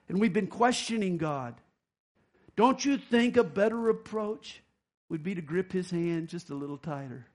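Emphatic male pastor preaching. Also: a little high. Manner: emphatic, rising to calls for congregation response. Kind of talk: sermon and closing prayer.

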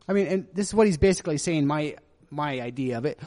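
A man's voice: on the high side, lively intonation, fast talker, a little mellow. A man preaching a sermon, earnest and confessional, who often checks in with his listeners by asking "right?". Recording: long hall reverb.

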